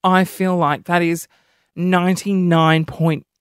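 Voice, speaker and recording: Rambling woman, low dry voice. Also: flat delivery, slow pace, smooth, no room sound. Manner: rambling, scattered half sentences and fillers. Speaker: podcast host. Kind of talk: casual solo podcast chat.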